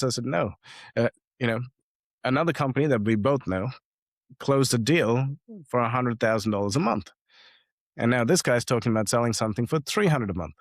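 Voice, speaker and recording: A man on a video call giving business advice, telling animated stories and acting out the people he quotes. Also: mid-range voice, fairly quick, dry recording, studio quality. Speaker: guest entrepreneur. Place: home office with awards on wall.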